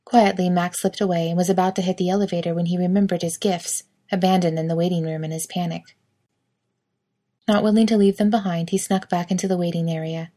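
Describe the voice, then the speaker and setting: A woman narrating a story in a calm, even reading voice. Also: on the low side.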